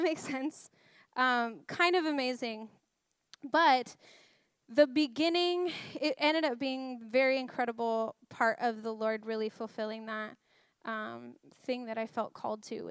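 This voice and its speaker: A woman's voice: on the high side, clean tone, no echo, clean studio sound. A woman in her thirties giving a chatty, self-deprecating sermon full of personal stories and laughter. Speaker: guest preacher. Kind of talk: conversational sermon storytelling.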